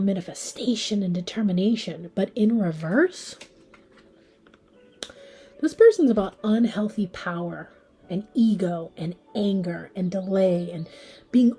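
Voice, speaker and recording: A woman with a warm, mellow voice talks through a pick-a-card tarot reading. She is chatty and thinks aloud as she turns each card. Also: medium pitch, breathy edge. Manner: chatty, thinks aloud while drawing cards. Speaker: tarot reader.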